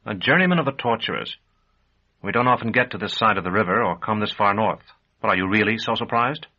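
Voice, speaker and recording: A man voicing a young journeyman torturer in an audiobook, speaking tersely and firmly in a fairly low voice. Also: animated, fast talker. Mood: guarded. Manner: terse, firm. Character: young male journeyman torturer, curt and guarded. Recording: dull lo-fi audio.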